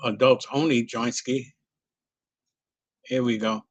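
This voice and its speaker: A man's voice: medium pitch, fairly even intonation, takes it slowly, dry recording. A middle-aged man, a comedian, telling a long profane story in a loose, rambling way. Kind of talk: casual storytelling on a video call.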